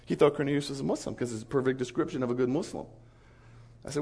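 A man preaching in an animated storytelling sermon, acting out the dialogue of the people in his stories. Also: on the high side, very fast, vocal fry, husky. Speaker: pastor.

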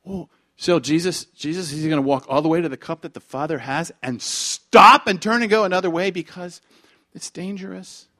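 A man preaching a sermon in an animated way, acting out bits of dialogue and swinging between loud and hushed delivery. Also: on the high side. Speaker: pastor.

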